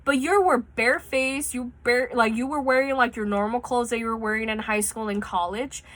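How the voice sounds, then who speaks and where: Bright, chatty young woman telling a story. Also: on the high side, steady tone, a little fast. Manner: rambling, chatty, swears freely. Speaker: vlogger telling a personal story. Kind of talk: casual storytelling monologue. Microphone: phone mic.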